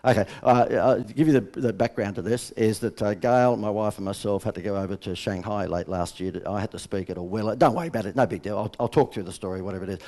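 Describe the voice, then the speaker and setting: A man's voice: on the low side, quick pace, few pauses, mellow. A middle-aged Australian man giving a live seminar talk as a business coach, blunt and joking as he tells stories. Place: seminar room.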